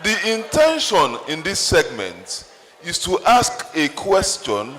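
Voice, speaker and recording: A man's voice: sits high, very animated, slow pace, a bit bright, a faint crowd. A man moderating a town hall, firm and apologetic as he enforces the rules. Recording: reverberant hall.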